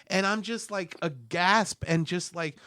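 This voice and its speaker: A man's voice: high voice, measured pace, sharp tone, no echo, clean studio sound. A man co-hosting a film podcast, talking casually and acting out his own reactions with exclamations. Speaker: podcast co-host.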